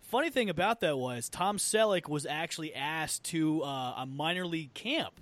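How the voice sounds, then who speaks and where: A man's voice: a little high, expressive, moderate pace, a bit bright, no echo. A man co-hosting a casual chat who gives blunt, opinionated takes. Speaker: podcast co-host.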